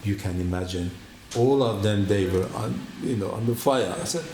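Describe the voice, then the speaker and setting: A man giving his personal testimony at a church, telling his story in an animated way and acting out the dialogue. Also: on the low side, moderate pace, noisy background. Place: church hall. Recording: echoey room.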